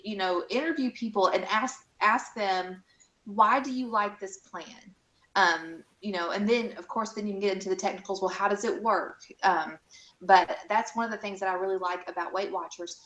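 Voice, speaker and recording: A woman co-hosting a casual chat, speaking hesitantly with frequent pauses and restarts. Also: medium pitch, a bit bright, roomy sound. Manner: hesitant, many ums and restarts. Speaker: co-host.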